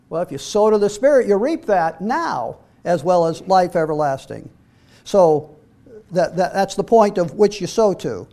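A man's voice: high voice, sing-song, normal speed, mellow. A middle-aged man preaching a sermon, reading scripture aloud and often repeating words as he restarts his sentences.

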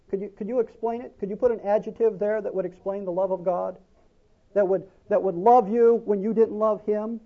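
A man's voice: high voice, normal speed, muffled recording. A male pastor preaching a sermon, asking the congregation questions and drawing out scripture quotes for emphasis.

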